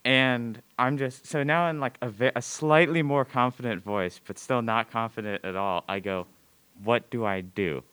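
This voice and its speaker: Teen male storyteller, bright clear voice, halting and self-deprecating. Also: fairly low pitch. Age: teens. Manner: hesitant, filler-heavy, self-mocking. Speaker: student storyteller. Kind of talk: personal story told live.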